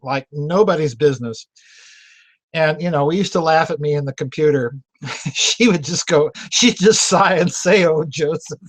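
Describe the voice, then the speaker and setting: Chatty self-mocking man, slightly high voice. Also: fairly bright tone. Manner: chatty and self-mocking, laughs often, repeats words. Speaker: host of a members video chat. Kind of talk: casual livestream chat.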